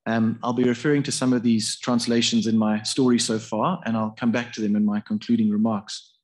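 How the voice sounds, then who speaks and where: Man, professor, academic lecture, hesitant, thinking aloud, mid-pitched voice. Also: little pitch movement, fairly quick. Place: university lecture hall.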